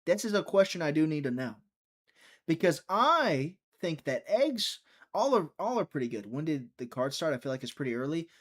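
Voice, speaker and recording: A man's voice: fairly high pitch, very animated, moderate pace. A young man hosting a live fight-watching stream, chatty and teasing, reading viewer chat aloud.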